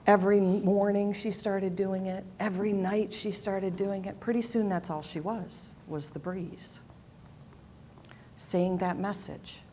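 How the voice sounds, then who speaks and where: A woman leading a worship service, telling a children's story gently, with soft repeated refrains. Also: mid-range voice, steady tone, a little slow, a little hiss or hum. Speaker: worship leader. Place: church sanctuary.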